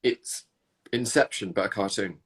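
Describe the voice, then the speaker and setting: A man's voice: on the low side, normal speed, fairly bright tone, husky. A man, chatting casually on a livestream and answering viewer comments. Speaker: livestream host reading comments. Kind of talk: casual chat.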